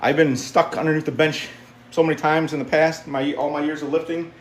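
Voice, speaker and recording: A man's voice: fairly high pitch, little pitch movement, a little fast, slight background noise. Chatty man in his fifties, echoey gym. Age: 50s. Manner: chatty, upbeat, talks to viewers between sets. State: out of breath after sets. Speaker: fitness streamer. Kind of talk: casual live-stream chat while lifting.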